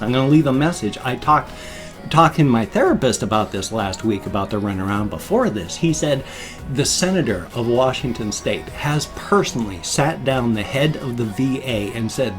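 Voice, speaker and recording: A man's voice: mid-range voice, animated, moderate pace, soft background music. A man in his fifties venting in an agitated rant during a casual daily vlog. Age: 50s. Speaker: vlogger.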